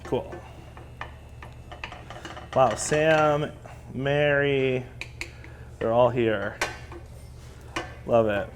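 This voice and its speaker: A man's voice: medium pitch, drawn-out words, pauses often, a little hiss or hum. Chatty man teaching a cooking class. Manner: chatty, upbeat, self-deprecating. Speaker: cooking instructor. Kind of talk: live cooking class demo. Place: kitchen studio. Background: sizzling pan and clattering cookware.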